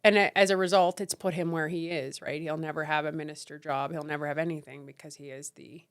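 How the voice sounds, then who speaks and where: A woman's voice: low voice, fairly even intonation, quick pace. A middle-aged woman from Canada, a former politician, talking in a casual podcast conversation and often mimicking others in a raised voice.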